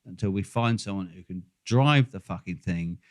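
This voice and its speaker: A man's voice: sits low, moderate pace. Older man, rambling sweary storyteller. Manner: swearing, rambling anecdote with fillers. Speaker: podcast co-host. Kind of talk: casual storytelling chat.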